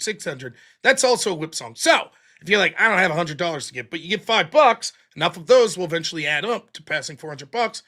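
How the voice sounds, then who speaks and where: A man hosting a live stream, ranting bluntly with frequent swearing and reading out viewer donations. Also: high voice. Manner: blunt, profane, animated ranting. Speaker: livestream host. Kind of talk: casual livestream chat.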